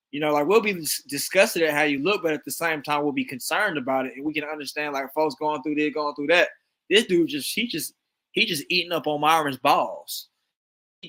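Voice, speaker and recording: A man's voice: fairly high pitch, sharp tone. A man giving casual, slangy reaction commentary on a video, often laughing and repeating himself. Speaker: reaction streamer.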